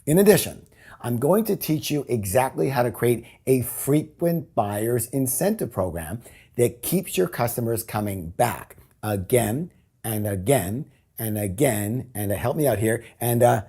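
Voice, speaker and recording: A man giving a high-energy sales pitch as a seminar trainer, emphatic and repetitive, leading the audience in call-and-response. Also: expressive, measured pace, mellow, husky.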